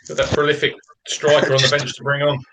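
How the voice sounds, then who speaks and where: A man co-hosting a football watch-along, blunt and animated, swearing at players over a video call. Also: on the high side, fast, vocal fry, a little hiss or hum. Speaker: fan show co-host.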